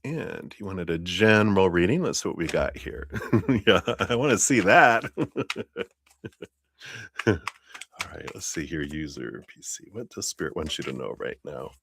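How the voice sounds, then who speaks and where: A man giving a live-streamed tarot reading in a chatty, animated way, with frequent laughs and many fillers. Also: low voice, measured pace, vocal fry, long pauses, slight background noise. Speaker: tarot reader.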